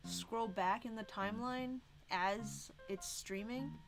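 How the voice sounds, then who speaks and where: A woman chatting casually on a live stream while she draws, sleepy and soft-spoken, rambling to herself. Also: on the high side, fairly even intonation, slow, over music. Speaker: artist livestreaming her drawing. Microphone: desk microphone.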